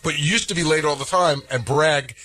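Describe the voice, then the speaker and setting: A man's voice: a little high, brisk, sharp tone, a little hiss or hum. A man arguing on air, exasperated and insistent, cutting in over the other speaker. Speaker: show producer. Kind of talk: on-air argument.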